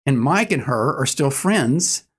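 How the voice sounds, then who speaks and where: A man in his sixties, a guest telling stories in conversation, earnest and animated, acting out the dialogue. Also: mid-range voice, takes it slowly, slightly rough. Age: 60s. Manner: earnest, animated storyteller who acts out dialogue. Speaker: guest, business owner. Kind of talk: conversational storytelling.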